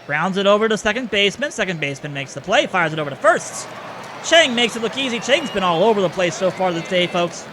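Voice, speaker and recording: Over a baseball video game, a man gives quick-paced, high-pitched play-by-play, growing excited at big moments and often correcting himself. A little hiss or hum can be heard.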